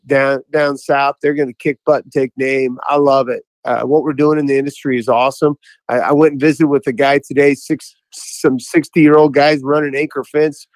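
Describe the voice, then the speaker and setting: A man's voice: medium pitch, dry recording, low-quality recording. A man calling in to a podcast, telling a story in a rambling, enthusiastic way, full of restarts. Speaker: caller to a podcast. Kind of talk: casual chat, storytelling.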